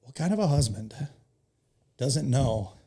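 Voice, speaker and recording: A man's voice: mid-range voice, animated, measured pace, warm tone, breathy edge. An American man, a firefighter, telling a personal story in an earnest, emotional way and swearing casually. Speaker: firefighter guest.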